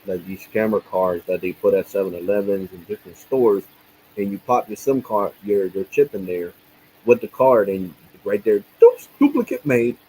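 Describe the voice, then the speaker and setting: A man's voice: deep voice, fairly even intonation, normal speed, mellow, breathy edge, rough recording. A young man live-streaming, venting angrily with lots of cursing and repetition. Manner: angry, profane, repetitive venting. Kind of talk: casual live-stream rant.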